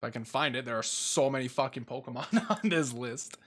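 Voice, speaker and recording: A young man casually rambling through a tier list ranking, swearing freely and filling pauses with ums and uhs. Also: mid-range voice, a bit bright. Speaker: YouTuber ranking Pokemon. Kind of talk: casual commentary while making a tier list.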